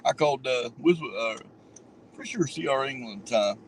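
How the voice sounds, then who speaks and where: A man's voice: medium pitch, normal speed, slight background noise, rough recording. A man riding along in a car, telling a road story casually with plenty of cursing. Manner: profane, laughing storyteller. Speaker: passenger, former truck driver.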